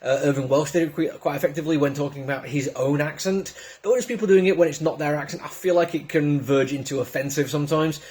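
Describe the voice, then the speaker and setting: A man's voice: on the high side, quick pace, a little mellow. A man with a southern English accent giving a casual, enthusiastic comic book review full of chatty asides. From Britain.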